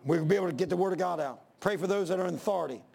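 An older pastor preaches in a high, gravelly voice. He is folksy and emphatic, circling back to the same point again and again. The voice carries in a church during a sermon. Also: racing, a little mellow.

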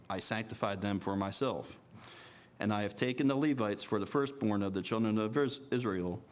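A man preaching to a congregation, reading scripture aloud slowly and then talking casually with restarts. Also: on the low side.

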